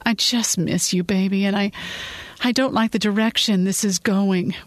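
A woman's voice: medium pitch, fairly even intonation, moderate pace, no room sound, pitched above the performer's own voice, close to an everyday voice. A woman voicing an adult husband, anxious and pushy by turns, in a fiction reading. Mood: tender. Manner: pleading, then stern. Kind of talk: audiobook-style fiction reading.

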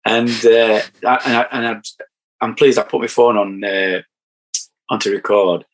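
On a casual podcast, a middle-aged northern English man shares anecdotes and chuckles as he goes. His pitch is fairly low and his intonation fairly even, he speaks at normal speed, and the recording quality is rough.

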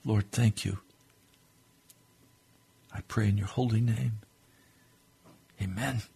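A man's voice: on the low side, fairly even intonation, slow pace, vocal fry, mellow, slightly rough. A man preaching on a radio broadcast, leading a fervent, pleading prayer that swells and drops. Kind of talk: sermon prayer.

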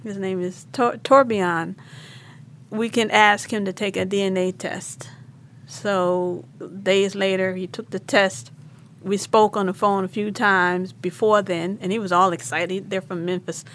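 A woman recounts her own family story in an interview. Her pitch sits mid-range, and she talks with feeling, restarting sentences as she goes. A faint hum of noise runs behind her. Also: a little slow. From born in Vietnam, raised in New Orleans. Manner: emotional, animated retelling with laughs and restarts. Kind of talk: personal storytelling.

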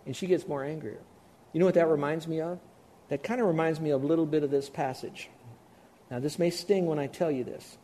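A man preaching a sermon, animated, acting out the voices of doubters. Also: a little high, brisk. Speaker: pastor.

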